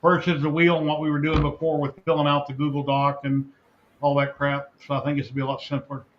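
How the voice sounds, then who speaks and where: A man's voice: a little high, monotone, fast. A man hosting a casual live podcast and chatting with his audience. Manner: chatty, talks to the live chat. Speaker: podcast host. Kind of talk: casual chat. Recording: dull lo-fi with faint noise.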